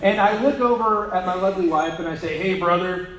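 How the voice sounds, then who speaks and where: A young man doing a stand-up set at a brewery comedy night, telling crude jokes with deadpan asides and lots of fillers. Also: high voice, fast talker, roomy sound, heavy background noise.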